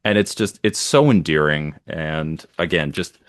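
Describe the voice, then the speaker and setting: A deep-voiced man talks eagerly and at length, circling back with fillers as he goes. His voice is low and close, with no room around it. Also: a little slow, dry recording. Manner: enthusiastic, rambling with many fillers. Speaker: podcast co-host. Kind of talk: casual chat.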